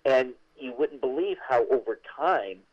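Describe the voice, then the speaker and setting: An older man, a veteran actor, telling stories as an interview guest in a chatty, animated way with many restarts. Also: medium pitch, a little slow, lo-fi sound. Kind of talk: interview storytelling.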